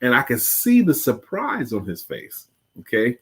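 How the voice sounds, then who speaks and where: A middle-aged man co-hosts a relaxed live show. He tells a story in a halting, easygoing way, full of restarts and fillers. He chuckles as he reaches the punchline. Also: medium pitch, breathy edge. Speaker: co-host.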